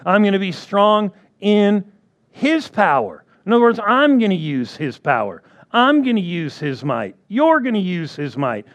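A man's voice: high voice, sing-song, unhurried. A man preaching a sermon who repeats his key phrases and keeps asking the congregation for agreement.

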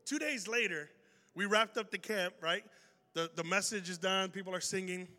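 A male pastor telling a story in a sermon, lively and animated, acting out the voices of the people in it. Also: high voice, normal speed. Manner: animated, acts out dialogue in the story. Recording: long hall reverb with faint music.

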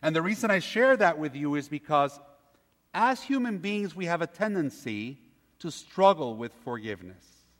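Animated priest preaching in a reverberant church. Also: male voice, a little high. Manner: animated storytelling, acting out quotes. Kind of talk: sermon.

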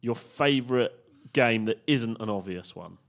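A man's voice: fairly low pitch, unhurried, gravelly. A man hosting a casual football fan podcast, chatty and full of ums as he runs through plugs and questions. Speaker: podcast host.

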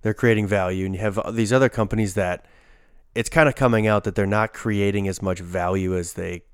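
A man with a lowish, smooth, clear voice explains his views steadily. He sounds analytical and sure. The sound is dry and close. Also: fairly even intonation, fairly quick, no echo. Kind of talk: casual chat.

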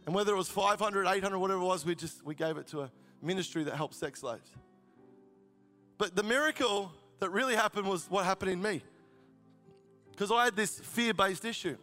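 Fervent preacher, high bright voice. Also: male voice, in a large hall. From Australia. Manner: storytelling, grows fervent and emotional. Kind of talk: sermon testimony.

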